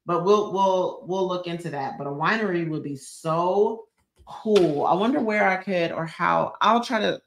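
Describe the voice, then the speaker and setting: A woman in her thirties with a drawl chats on a live stream, bubbly and full of slang as she answers viewer comments. Her voice sits a bit low for a woman. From Georgia, US. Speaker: lifestyle YouTuber hosting a live stream.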